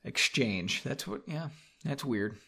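A man's voice: mid-range voice, expressive, slow, gravelly, pushed and bright, breathy edge. A man hosting a comedy show, reading a melodramatic story aloud and breaking off for sarcastic asides, recorded in a basement studio. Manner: sarcastic, mocking asides, drinking while reading.

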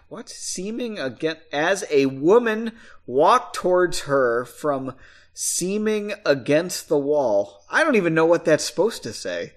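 A man reads his own novel aloud, stopping often for loose, self-mocking asides with the odd swear word. His voice sits a touch high and swings widely in pitch. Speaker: author reading his own book. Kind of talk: casual book reading with asides.

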